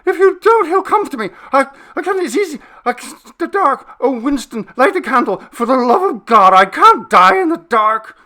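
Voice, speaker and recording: A man voicing a terrified man who pleads for light in the dark, his voice cracking and shrill. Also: very animated, normal speed, hardly any pauses, heavily acted. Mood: panicked.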